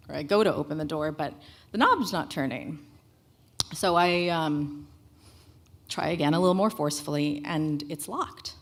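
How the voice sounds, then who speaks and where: A woman telling a candid first-person story on stage at a live storytelling show, in a plain conversational way. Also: low-pitched. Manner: candid, conversational, matter-of-fact.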